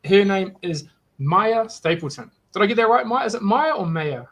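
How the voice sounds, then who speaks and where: Husky upbeat New man hosting. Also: high voice, animated, normal speed, a bit bright, low-quality recording. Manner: upbeat, rambling with restarts. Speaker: host of an online student market. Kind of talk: live online event hosting.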